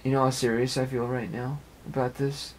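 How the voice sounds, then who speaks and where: A man's voice: medium pitch, flat delivery, moderate pace, a little hiss or hum. A young man talking at length in an earnest, rambling personal monologue, repeating phrases as he goes, recorded in an apartment. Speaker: amateur web radio speaker.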